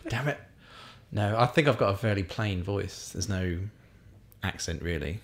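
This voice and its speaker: An English man hosting a podcast, trading quick, playful banter in a casual chat. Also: low-pitched, lively intonation.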